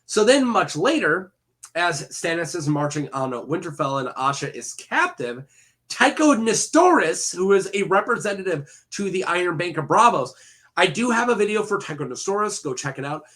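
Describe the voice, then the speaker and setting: A man with a somewhat high-pitched voice walks through fantasy lore in a loose, conversational way. He stumbles, corrects himself mid-sentence and tosses in joking asides to his viewers. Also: big pitch swings, normal speed, fairly bright tone. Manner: rambling, with many fillers and self-corrections. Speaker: lore video host. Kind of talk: casual lore retelling.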